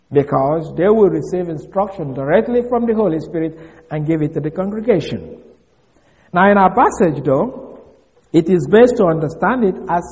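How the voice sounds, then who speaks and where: Lively high-voiced male Bible teacher. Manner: spells out Greek words letter by letter. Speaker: preacher. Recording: long hall reverb.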